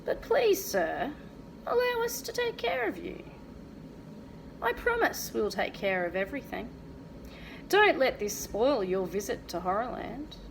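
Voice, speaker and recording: A woman reading aloud and voicing a gruff, creepily polite male monster in a costume. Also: very high voice, sing-song, unhurried, pauses often, a little hiss or hum, full character voice, low-quality recording.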